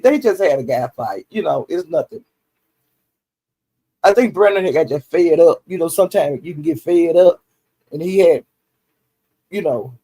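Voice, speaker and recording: A man's voice: a little high, warm tone, slightly rough. A man, recapping online drama in a rambling, folksy way full of fillers. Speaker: YouTube commentary host.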